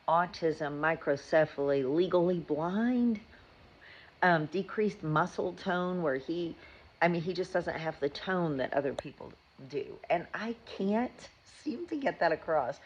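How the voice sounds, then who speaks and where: A woman's voice: deep voice, a little hiss or hum, poor audio. A woman, a mother, telling a rambling, chatty story about her day in a casual vlog. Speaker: mother and vlogger. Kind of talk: casual chat.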